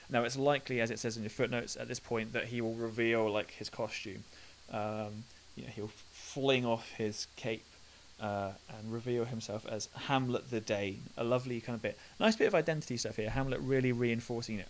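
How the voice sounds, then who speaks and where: A man's voice: medium pitch, fairly even intonation, moderate pace, hardly any pauses, rough recording. A man, teaching a literature lesson in a chatty way and putting old verse into slangy everyday speech. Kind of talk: talking through a play line by line. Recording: faint hiss.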